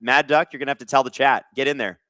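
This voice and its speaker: A man's voice: medium pitch, quick pace, no room sound, studio quality. A man in his thirties from Canada hosting a live hockey watch-along, calling plays casually and joking while reading out chat. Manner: jokey, reads chat aloud, bursts of excitement.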